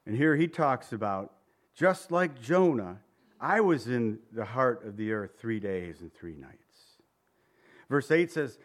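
Speaking in a mid-range male voice, a pastor reads old-fashioned scripture during his sermon and puts casual questions to the people listening.

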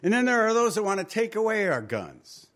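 A man's voice: high-pitched, very animated, a little fast, fairly bright tone. A man preaching a sermon in a conversational style, often asking rhetorical questions. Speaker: pastor.

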